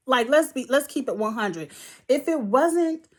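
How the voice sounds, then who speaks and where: A woman's voice: sits high, lively intonation, a little slow. A woman reviewing a reality show in a blunt, heated, profane rant. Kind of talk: ranting commentary vlog.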